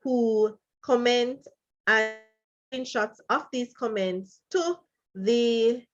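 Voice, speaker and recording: A woman's voice: on the high side, extremely slow, lo-fi sound. A woman teaching freelancing in a live online session, talking casually and emotionally, with small laughs between phrases and repeated apologies. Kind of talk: live-stream chat. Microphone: computer mic on a live video call.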